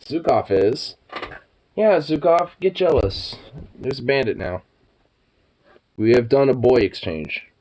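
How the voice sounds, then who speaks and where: A man's voice: mid-range voice, animated, slow pace, pauses often, a little mellow. A young man chatting late at night to his pets, stoned and sleepy, cooing baby talk, swearing, laughing often. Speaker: vlogger.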